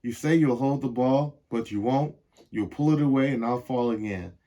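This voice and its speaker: An earnest, hopeful cartoon boy who keeps trying and keeps getting fooled, as a man reading aloud puts him on. He sounds eager and at times indignant, at an ordinary middle pitch, in a children's storybook reading. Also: moderate pace, warm tone, dull audio, lightly acted.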